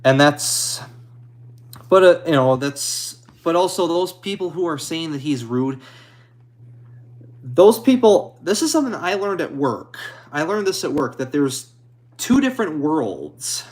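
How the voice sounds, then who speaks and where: Halting, modest man talking to viewers. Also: fairly high pitch, very animated, a little mellow. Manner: halting, hesitant, with many restarts; apologetic and modest. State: a little anxious. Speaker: streamer answering viewer comments. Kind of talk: casual live chat.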